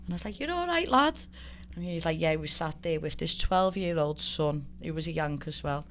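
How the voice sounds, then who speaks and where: A woman's voice: deep voice, brisk, a little hiss or hum. A woman in her thirties with a Liverpool Scouse accent, telling stories in a casual chat as a guest, swearing freely and acting out quotes. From Liverpool, England. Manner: lively storyteller, swears freely, acts out quotes. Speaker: guest, professional fighter.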